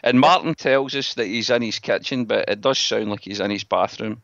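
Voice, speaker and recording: A man's voice: lowish voice, moderate pace, creaky, fairly bright tone, dry recording, muffled recording. A Scottish man hosting a podcast, chatting casually and joking with his co-hosts. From Scotland. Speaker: podcast host. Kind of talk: casual chat.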